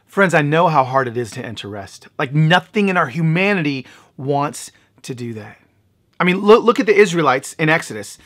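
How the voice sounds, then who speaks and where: A middle-aged male pastor preaching with lively storytelling. His pitch swings widely, climbing high and loud at the exciting moments before dropping back to a quiet, earnest tone. The delivery shifts pace freely, rushing through action and slowing down for emphasis. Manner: animated, building to loud excited peaks in stories. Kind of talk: sermon with storytelling.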